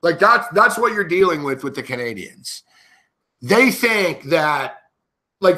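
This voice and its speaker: A fired-up man rants and swears his way through a sports story on a betting show. His voice sits fairly high and cuts through with a sharp, bright edge. He rambles and restarts as he gets angrier. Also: very animated, a little slow. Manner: heated, swearing constantly, rambling. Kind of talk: profane storytelling rant.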